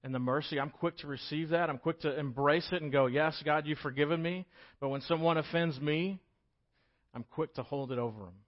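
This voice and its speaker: A man preaching a sermon, swinging from loud, urgent pleas to quiet, emphatic pauses. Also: fairly high pitch. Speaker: pastor. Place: church hall. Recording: dull, lo-fi recording.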